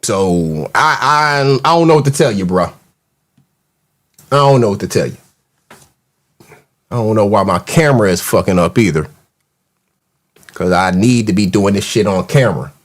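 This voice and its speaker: A man's voice: lowish voice, expressive, a little slow, long pauses. A man hosting a casual livestream, ranting in a mocking, profane, heated way and reacting to the live chat. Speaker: show host.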